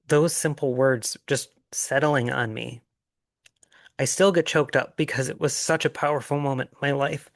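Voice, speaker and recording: A middle-aged man telling his own story in an earnest, reflective way, with pauses and fillers. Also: mid-range voice, steady tone, gravelly, no room sound, studio quality. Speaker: life coach sharing his story. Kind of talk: personal storytelling monologue.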